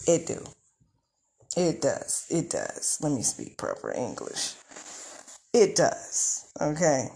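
Slow, gravelly-voiced woman podcaster. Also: on the high side. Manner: chatty and expressive, breaks into laughs and sighs. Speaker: podcast host. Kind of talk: casual monologue.

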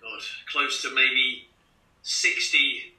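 A man's voice: mid-range voice, fairly even intonation, very slow, bright, forceful tone. A man in his thirties from Scotland, chatting as a runner guest in an interview over a video call, laughing easily. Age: 30s. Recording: roomy and distant video call.

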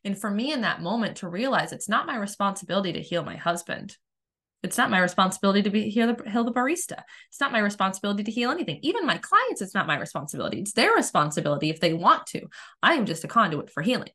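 A woman's voice: very animated, sharp tone. A woman who works as an energy healer, talking candidly in a casual personal monologue. She is emphatic, swears freely and restarts her sentences often. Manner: rises high and fast when acting out her past frustration.

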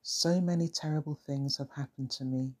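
A storyteller voicing a frightened young woman who survived trauma, talking softly and pleadingly with sentences that trail away. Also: medium pitch, steady tone, moderate pace, breathy edge, lightly acted.

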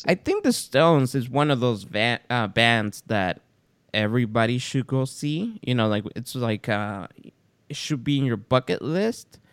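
Animated man telling stories on a podcast. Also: a little slow, clean tone, no echo. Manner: animated storyteller, acts out quotes with big pitch jumps. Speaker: podcast host. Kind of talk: casual chat.

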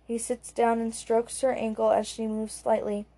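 A woman narrating a thriller audiobook in a calm, even storytelling manner. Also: a little high, normal speed. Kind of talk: scripted narration.

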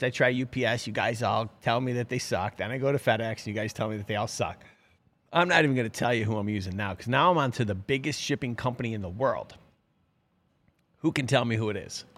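A middle-aged man with a fairly low, slightly bright voice chats informally on a live stream from his office, hosting a fishing subscription show. He leans heavily on fillers and keeps restarting his sentences.

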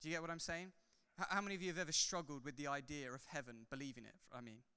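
A man who is a pastor, preaching a sermon in a church hall, swinging from loud fervor to soft, chatty asides. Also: a little high, fairly even intonation, racing, clear, resonant tone. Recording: long hall reverb.

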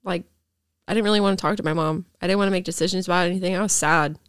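A woman's voice: lowish voice, steady tone, rapid-fire, clean tone, no echo, clean studio sound. A young woman, a podcast guest, rambling through a personal story with lots of fillers.

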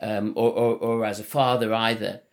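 Gravelly Liverpool-accented man. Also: lowish voice, flat delivery, normal speed. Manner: thoughtful, restarts often. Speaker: podcast host; father. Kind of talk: casual conversation.

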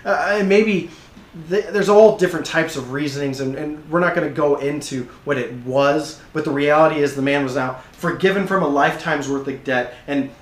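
A man's voice: a little high, moderate pace, echoey room. A man preaching a sermon, telling the story vividly with frequent restarts, in a church. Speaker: pastor.

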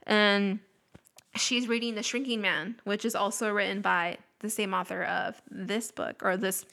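A woman with a gravelly, creaky voice chats casually as a podcast co-host. She retells a movie scene by scene and slips into the characters' lines as she goes. Her voice sits at an ordinary pitch. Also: a little slow. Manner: animated retelling, acts out characters' lines, laughs often. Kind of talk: casual movie recap chat.

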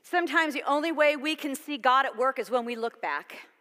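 A woman's voice: high-pitched, expressive, brisk, bright, forceful tone. A woman pastor preaching a sermon in a conversational, emphatic way, asking her congregation questions. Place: church sanctuary. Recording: long church reverb.

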